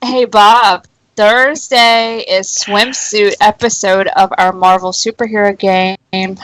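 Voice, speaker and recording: A woman's voice: medium pitch, steady tone, slow pace, fairly bright tone, no echo. A woman co-hosting a live stream, playfully teasing viewers in casual chat. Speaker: co-host of a live stream show.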